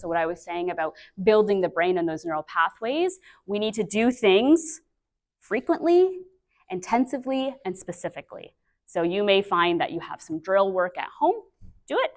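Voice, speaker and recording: Woman, speech therapist leading a live workshop; chatty, demonstrative coach, mid-range voice. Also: medium pitch.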